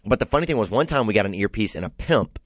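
Low-voiced man telling rambling stories. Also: quick pace, no room sound, studio quality. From Louisiana. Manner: rambling, storytelling, animated voices for quoted people. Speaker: comedian guest. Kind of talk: casual podcast chat.

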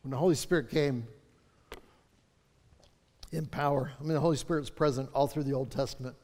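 A man's voice: mid-range voice, fairly even intonation, a little fast, dark tone. A man preaching a fervent sermon as pastor, stretching out key phrases for emphasis. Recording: long reverb of a large hall.

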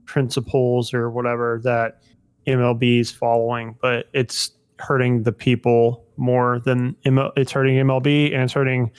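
A man's voice: mid-range voice, level tone, normal speed, clear, resonant tone. A man hosting a casual podcast chat, rambling with lots of fillers and swearing. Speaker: podcast host.

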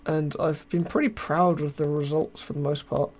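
A young British man hosts a casual live podcast, rambling, self-mocking, and reading the chat aloud, sounding tired as his voice wears thin. He speaks British English at a moderate pace, with a high-side voice, fairly even intonation, and a darkish tone. There's slight background noise.

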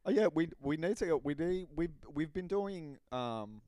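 A man's voice: a little high, lively intonation, unhurried, mellow, no echo. A young Australian man co-hosting a podcast, chatting casually and swearing as he explains things. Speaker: podcast co-host. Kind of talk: casual chat.

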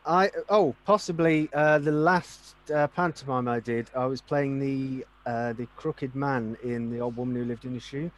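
A man telling stage stories in a hesitant, wry way, pausing to think and restarting. His voice sits mid-range for a man. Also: mid-range voice. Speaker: actor, regular host. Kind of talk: casual podcast interview.

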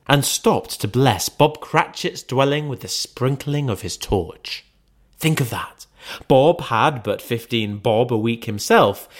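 A man reading a classic story aloud in a dramatic, theatrical storytelling style. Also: medium pitch. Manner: expressive, theatrical. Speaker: narrator.

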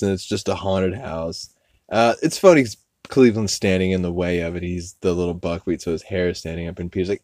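A man hosting a podcast, loosely recapping a cartoon episode with fillers and swearing, acting out characters' lines in higher voices. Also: fairly even intonation, moderate pace, darkish tone, no room sound, clean studio sound. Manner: rambling, loose, with profanity and frequent fillers. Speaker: podcast host.

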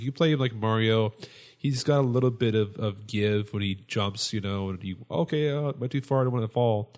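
A man co-hosting a casual game-review chat who talks in a wry, joking way. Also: lowish voice. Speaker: co-host.

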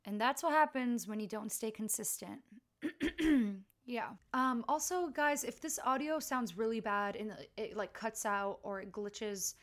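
A woman's voice: a little high, unhurried, fairly bright tone. A woman hosting her own podcast, telling a rambling, self-deprecating story in a chatty, casual way into a home mic. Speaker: podcast host. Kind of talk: casual story-time monologue. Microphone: home podcast mic with wire.

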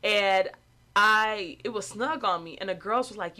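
A young woman who runs an after-school program, casually telling a story and acting out the quotes in a higher voice. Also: unhurried, bright, forceful tone.

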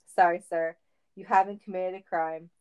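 A woman voicing a calm, by-the-book male police officer, matter-of-fact. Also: lowish voice, moderate pace, clear, resonant tone, natural voice. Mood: firm.

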